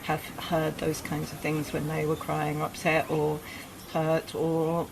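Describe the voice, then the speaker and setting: A woman hosting a parenting podcast, speaking reflectively and with gentle enthusiasm in conversation with a guest. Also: low voice, completely flat delivery, unhurried, gravelly, background noise. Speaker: podcast host. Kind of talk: conversational interview.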